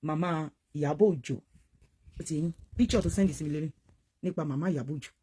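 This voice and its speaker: A woman's voice: sits low, quick pace, dark tone, breathy edge. A woman giving gossip commentary, pointed and questioning, switching between Yoruba and English.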